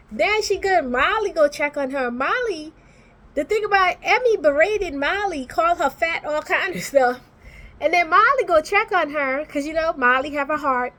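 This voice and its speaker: A high-pitched woman talks straight to camera from her small home office. She is outspoken and animated, casually chatting through her takes on TV shows. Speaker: vlogger reviewing TV shows.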